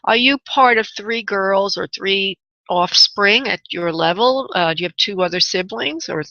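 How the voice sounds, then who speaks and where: A woman's voice: mid-range voice, a little slow, sharp tone, no echo. Lady psychic hosting a call-in radio show, chatty, says honey a lot, kinda dull lo-fi sound. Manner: chatty, laughs often, calls callers honey and darling. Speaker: psychic medium radio host. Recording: dull lo-fi radio audio, dry.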